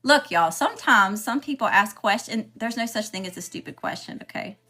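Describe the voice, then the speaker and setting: A woman's voice: mid-range voice, animated, a little fast, sharp tone. A woman hosting a spiritual livestream, chatting casually and greeting viewers by name.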